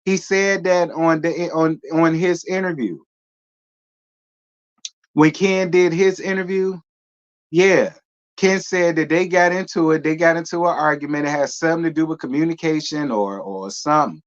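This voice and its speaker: A man's voice: a little high, normal speed. Blunt, rambling man on a lo-fi recording. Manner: blunt, rambling, profane, with slang. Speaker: commentary host. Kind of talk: casual reaction commentary.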